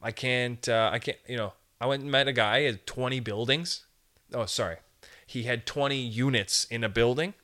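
A young man rambles through a comic monologue as a podcast host, jumping from thought to thought. His voice is bright and forward. The sound is clean and smooth. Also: mid-range voice, normal speed. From Canada. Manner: rambling, jokey, slips into put-on voices. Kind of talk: casual comedic monologue.

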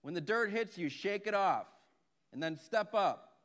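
A man voicing a patient male farmer who calls loudly and coaxingly down a well. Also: sits high, animated, unhurried, pitched above the performer's own voice. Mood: coaxing shout.

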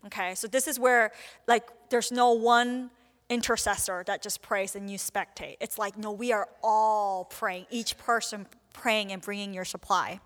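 A woman teaching on prayer in a casual, animated way, acting out the short prayers and replies she describes. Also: mid-range voice, unhurried. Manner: casual, animated, acts out little prayers and quotes. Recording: long hall reverb.

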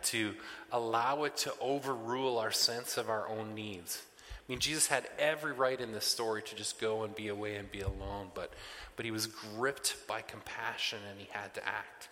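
Pastor in an echoing hall. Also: male voice, on the low side. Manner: animated, acts out scenes, then turns quiet and reflective. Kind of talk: sermon with personal storytelling. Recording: long reverb of a large hall.

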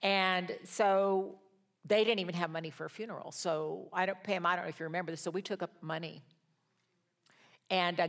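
An older woman teaching a Bible study in a sermon style, telling stories that move from hushed to rousing. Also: mid-range voice. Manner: storytelling, swings from hushed to rousing.

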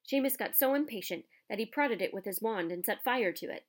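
A woman reading a children's novel aloud with expressive storytelling. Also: fairly high pitch, brisk. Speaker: narrator. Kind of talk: audiobook narration.

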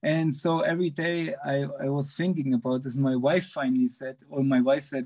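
Halting man with a gravelly voice. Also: mid-range voice, level tone, a little mellow. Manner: halting, searching for words, laughs between phrases. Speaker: devotee sharing a memory. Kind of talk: casual online satsang sharing. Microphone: video call.

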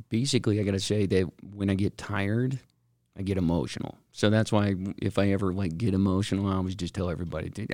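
A man with a gravelly, somewhat low voice, chatting on a podcast in a rambling, excitable way. The sound is close and dry, with no room around him. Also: no echo. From Utah, Salt Lake Valley. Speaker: podcast co-host. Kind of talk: casual podcast chat.

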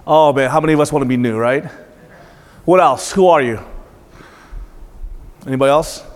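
A man's voice: mid-range voice, moderate pace, in a large hall. A pastor in his thirties preaching to a congregation, calling out questions and repeating back the answers with emphasis. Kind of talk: interactive sermon.

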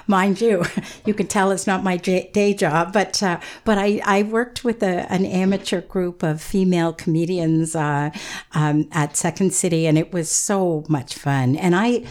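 A woman's voice: on the low side, fairly even intonation, measured pace, a little mellow. A woman guest on a radio talk show, telling funny stories in a chatty way and laughing often. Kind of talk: storytelling radio interview.

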